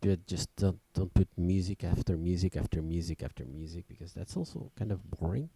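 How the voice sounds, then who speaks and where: Gravelly, dark-voiced man hosting a music show. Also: low voice, brisk, no echo. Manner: rambling, hesitant, many restarts. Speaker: radio show host and DJ. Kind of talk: casual chat on a livestreamed music show.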